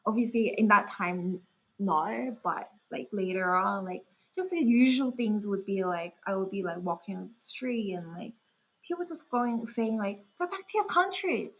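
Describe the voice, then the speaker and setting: A woman's voice: mid-range voice, unhurried, slightly rough, low-quality recording. A young woman chatting as an interview guest, talking casually with lots of fillers. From Australia. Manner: chatty, full of "like" fillers and laughs. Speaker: guest artist.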